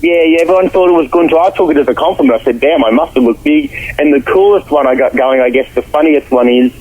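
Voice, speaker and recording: A man's voice: fairly high pitch, fast talker, husky. Man on a phone line. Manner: animated, acts out quotes, slangy. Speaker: guest. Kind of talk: storytelling in a radio interview.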